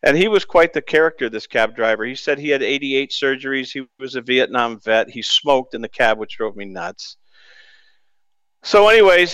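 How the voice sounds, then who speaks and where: Radio sports host guy telling a story, smooth clear voice, dry studio sound, laughs at himself now and then. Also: mid-range voice, a bit bright, dry recording. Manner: candid and storytelling, with rueful laughs. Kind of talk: casual radio monologue.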